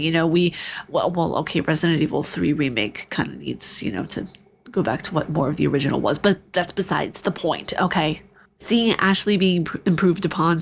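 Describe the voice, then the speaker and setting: Young woman gushing about a game, lowish voice, lots of likes and you knows, faint hiss behind. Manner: chatty and enthusiastic, full of "like" and "you know". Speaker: video game reviewer. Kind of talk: casual spoken game review.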